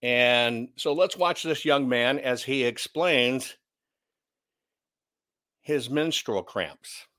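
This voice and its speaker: A man's voice: medium pitch, extremely slow, pauses often, pushed and bright. A man hosting an opinionated commentary show, blunt and sarcastic as he rants. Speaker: commentary host.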